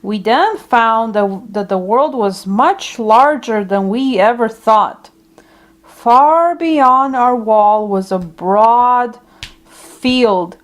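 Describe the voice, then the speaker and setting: In a high voice, a woman reads a children's story aloud, lingering over each phrase. Her delivery is soft and unhurried, meant for young listeners.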